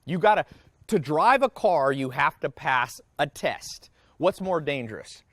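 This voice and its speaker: A man's voice: fairly high pitch, expressive, measured pace, a bit bright, no room sound. A man talking in a blunt, profane, casual rant that jumps between topics, like a motivational speaker venting to listeners. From United States. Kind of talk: casual ranting monologue.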